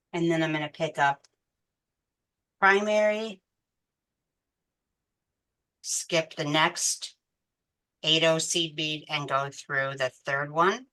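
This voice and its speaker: A woman with a low but bright voice walks a class through a beading pattern. She speaks slowly and counts each bead out loud with patience. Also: steady tone, clean tone. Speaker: beading instructor. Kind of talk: step-by-step craft tutorial.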